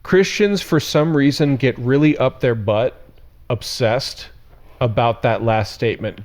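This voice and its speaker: A man's voice: medium pitch, measured pace, a little mellow. A man preaching as a pastor in a casual, conversational sermon. He reads scripture, adds frank, sarcastic asides and laughs often. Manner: frank and irreverent.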